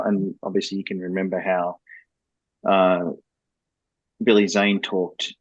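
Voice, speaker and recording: Low-voiced man, dull lo-fi audio. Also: no room sound. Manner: candid, explaining at length. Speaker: game developer guest. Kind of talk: podcast interview.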